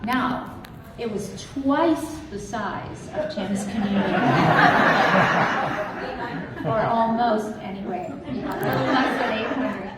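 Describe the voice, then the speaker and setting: A middle-aged woman from southwestern Minnesota giving a measured, emphatic campaign speech, with folksy asides. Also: on the high side. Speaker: political campaign speaker. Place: restaurant event room. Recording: echoey, distant room recording with crowd noise.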